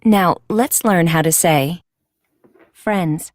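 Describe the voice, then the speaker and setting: A woman's voice: fairly low pitch, drawn-out words, no room sound. A woman giving scripted prompts as the instructor of a recorded language course. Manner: clear, prompting. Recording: dry studio recording from a course.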